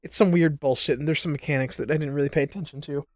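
A man's voice: on the high side, fairly even intonation, racing, dry recording, studio quality. A man co-hosting a podcast, chatting loosely about cartoons with swearing and jokes. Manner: loose, profane, jokey banter. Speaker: podcast co-host. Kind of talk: casual chat.

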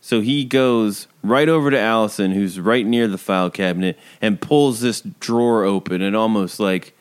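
A man's voice: fairly low pitch, normal speed, clean tone. A man co-hosting a casual chat, sarcastic and incredulous as he picks apart a TV episode. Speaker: podcast co-host.

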